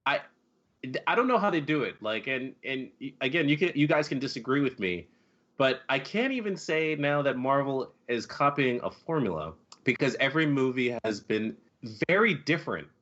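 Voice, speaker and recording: A man's voice: mid-range voice, big pitch swings, normal speed, a bit bright, highs cut off. A man hosting a casual movie podcast, talking animatedly with lots of fillers and laughs. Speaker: podcast host.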